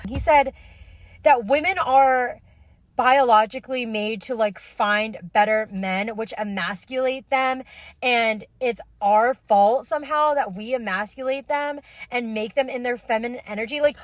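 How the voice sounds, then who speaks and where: A woman's voice: on the high side, moderate pace. A young woman tells viewers about a bad date in an exasperated storytime vlog. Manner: exasperated, talks straight to viewers.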